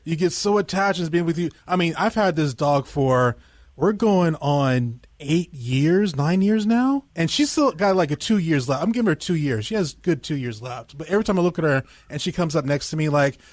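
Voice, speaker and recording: A man's voice: fairly high pitch, animated, normal speed, no room sound. A man co-hosting a radio talk show, telling stories in an open, emotional way. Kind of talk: casual chat.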